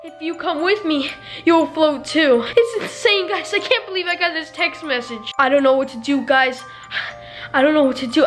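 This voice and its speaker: A woman's voice: high-pitched, a bit bright. A woman hosting a staged scary vlog, talking to her viewers in a panicky, breathless way and calling out to them again and again. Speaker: reaction channel host.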